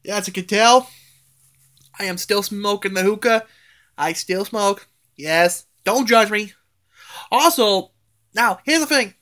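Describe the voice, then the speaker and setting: Guy ranting on his vlog at home, mad and cussing, talks slow, stammers a lot. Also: high-pitched, sharp tone. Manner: angry, swearing, stammering restarts. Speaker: vlogger. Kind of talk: casual vlog rant. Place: at home, indoors.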